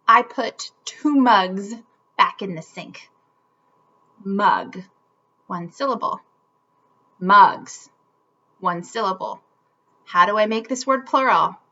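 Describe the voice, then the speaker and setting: A woman teaching a children's phonics lesson, speaking upbeat and clearly enunciated, in a slightly muffled home video recording. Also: medium pitch, bright, forceful tone.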